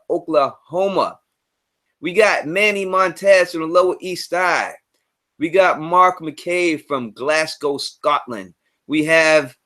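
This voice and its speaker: A man hosting a casual live stream, talking loosely in slang and repeating himself, his voice swinging between loud and quiet. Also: on the high side. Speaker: livestream host.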